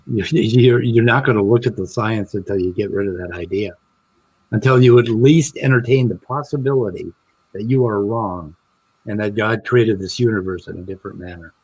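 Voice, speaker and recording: Husky-voiced man, dry close recording. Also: fairly low pitch, darkish tone, dry recording, low-quality recording. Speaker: interviewer. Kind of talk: casual conversation.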